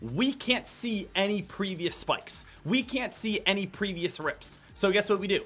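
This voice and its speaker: A man giving live stock trading commentary in an energetic way, hammering home points with repeated phrases. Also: high voice, measured pace, soft background music.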